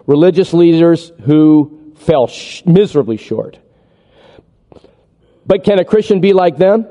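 A man preaching a sermon, animated as he walks the congregation through a chart. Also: on the high side, a little slow, long pauses, muffled recording. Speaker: pastor. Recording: echoey hall with long reverb.

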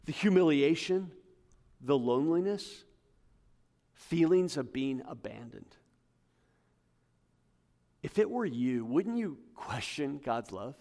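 Passionate preacher in a reverberant church. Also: male voice, animated, takes it slowly, pauses often, dark tone. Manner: passionate, rising to emphatic peaks then dropping low. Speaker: pastor. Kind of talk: sermon. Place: church hall with congregation. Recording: long hall reverb.

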